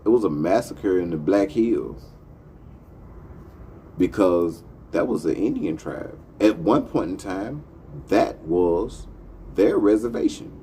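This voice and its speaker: A man hosting his own talk show, riding a heated, profane monologue. His voice sits low and mellow, yet it leaps around with lively, emphatic swings. He hammers his points with blunt swearing. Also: slow, a little hiss or hum. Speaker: podcast host. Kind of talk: impassioned monologue.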